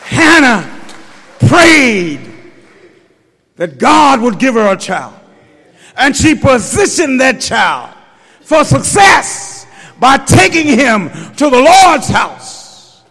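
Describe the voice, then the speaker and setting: A man preaching a sermon, swinging between loud shouted lines and slow, quiet phrases. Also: very high voice, very animated, vocal fry, husky. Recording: long hall reverb.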